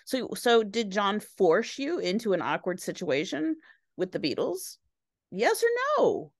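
A woman in casual podcast conversation, talking in an animated, opinionated way with quick asides. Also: medium pitch, no room sound, studio quality.

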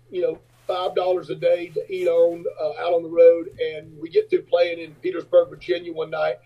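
This guest, a businessman who also sings rock, spins animated tales in a casual interview. He has a husky voice pitched slightly high for a man and mimics the characters in his stories with shrill, squeaky impressions. The audio comes across muffled and low-fidelity.

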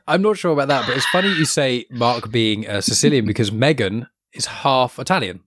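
A man's voice: medium pitch, normal speed, fairly bright tone. A man hosting a casual conversation, easygoing, chiming in and laughing along with his guest.

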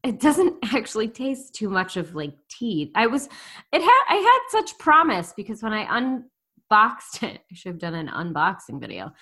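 A woman's voice: medium pitch, huge pitch swings, moderate pace, fairly bright tone, slightly rough. An American woman co-hosting a podcast, chatting casually and playfully and laughing often. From United States. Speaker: podcast co-host. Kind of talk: casual chat.

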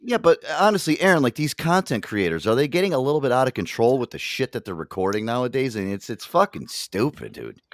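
Animated, swearing podcast co-host man. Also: medium pitch, quick pace, few pauses, no room sound, clean studio sound. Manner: animated storytelling, swears a lot, acts out quotes. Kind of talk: casual podcast chat.

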